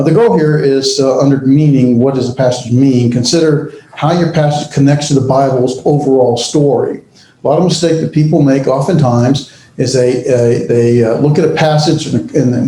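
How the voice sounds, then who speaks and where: A man teaching a class on biblical languages, lecturing with frequent fillers, pauses and self-corrections. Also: medium pitch, mellow, echoey room, slight background noise, poor audio. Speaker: Bible language instructor.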